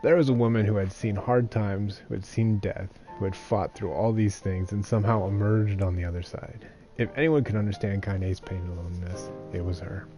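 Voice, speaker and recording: A man's voice: fairly low pitch, a little fast, music in the background. A man streaming live, reading a novel aloud with plain narration and laughing, joking asides.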